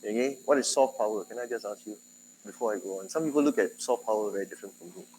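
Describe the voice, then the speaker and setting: A man's voice: fast talker, noisy background. Singaporean man lecturing a class. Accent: Singaporean English with a Malay tinge. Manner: conversational, questions students, jumps in loudness and pitch. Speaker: university lecturer.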